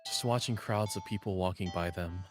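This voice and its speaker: A man's voice: sits low, moderate pace, over music. A man playing a text game, reading its narration aloud and breaking off into giggly, self-deprecating asides. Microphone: studio shotgun mic on a boom arm.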